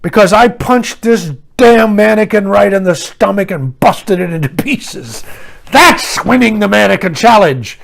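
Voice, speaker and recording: Blunt, scoffing older man, high voice. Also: expressive, a little slow, creaky. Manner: mocking voices of others in raised pitch. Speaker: commentary vlogger. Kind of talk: opinionated monologue to camera.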